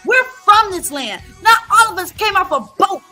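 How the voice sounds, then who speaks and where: A woman's voice: very high-pitched, lively intonation, moderate pace, sharp tone, faint music behind. A woman hosting a livestream, talking in a blunt, profane, repetitive rant. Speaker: livestream host.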